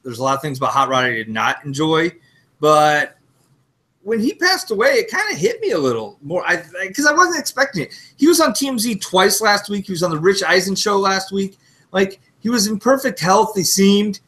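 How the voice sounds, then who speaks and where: A man's voice: high-pitched, animated, brisk, bright, forceful tone. A man in his thirties co-hosting a podcast, chatting casually and sentimentally with self-deprecating asides. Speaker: podcast co-host. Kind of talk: casual chat.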